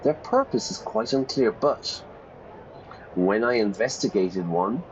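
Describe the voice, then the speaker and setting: A man with a lowish voice reads a game's narration aloud for English learners, pausing in a playful way to gloss words and fix his own slips. The sound is a little dull and lo-fi, with a faint hiss behind him. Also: expressive. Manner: playful, pauses to gloss vocabulary and self-correct. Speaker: English teacher streaming a game. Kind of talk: reading game text aloud and explaining words.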